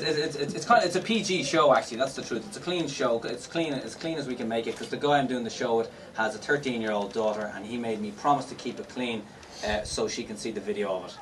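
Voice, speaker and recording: An Irish man doing stand-up, teasing the audience in cheeky banter with lots of fillers. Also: mid-range voice. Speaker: stand-up comedian. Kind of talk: live comedy show audience work. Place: live comedy venue. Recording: distant mic, noisy live room.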